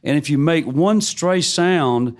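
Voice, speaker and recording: A middle-aged novelist on a panel tells wry, self-deprecating stories in a casual onstage conversation, laughing at himself. His voice is a little high and he speaks slowly.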